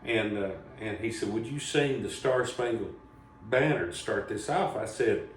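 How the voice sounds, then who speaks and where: A man's voice: lowish voice, unhurried. A man, hosting a comedy show and telling a rambling, folksy story. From Southern Appalachia, US. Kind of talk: casual storytelling. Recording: echoey room, voice from a distance, faint background noise.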